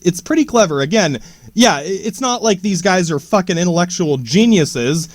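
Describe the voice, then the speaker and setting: A man's voice: high voice, animated, normal speed, dry recording. A man hosting a podcast, ranting in a rambling, profane way with many false starts. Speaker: podcast host.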